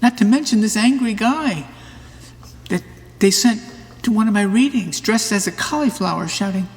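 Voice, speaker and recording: Gravelly man, mock-serious, echoing hall. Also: high-pitched, expressive, moderate pace. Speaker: narrator of a mock book trailer. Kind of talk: scripted comic monologue.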